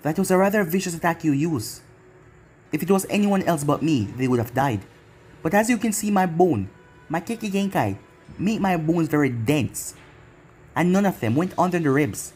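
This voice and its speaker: A fan narrator voicing a calm young male ninja who boasts of his dense bones. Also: mid-range voice, moderate pace, a little hiss or hum, lightly acted. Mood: composed.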